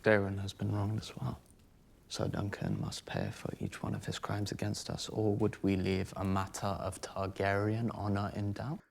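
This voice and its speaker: An actor playing an arrogant, unstable young royal prince in a TV drama, with an upper-class English accent and a cold, menacing manner. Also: male voice, on the low side, moderate pace, vocal fry. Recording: TV drama clip with faint background noise.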